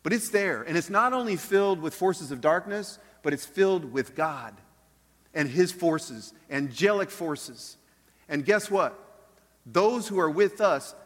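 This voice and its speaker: A man preaching a sermon as pastor, earnest, dropping soft and then rising loud. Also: on the high side, lively intonation, measured pace. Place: church sanctuary. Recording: long hall reverb.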